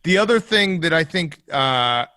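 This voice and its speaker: A male podcast co-host joking and teasing in casual chat. His voice is bright and edgy, a little high, recorded dry with no room sound. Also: expressive, measured pace, dry recording.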